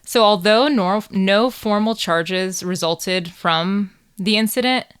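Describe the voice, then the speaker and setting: A woman's voice: medium pitch, takes it slowly, a bit bright, smooth. An American woman co-hosting a true crime podcast, telling the case in casual chat with jokes and swearing. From United States. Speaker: podcast co-host.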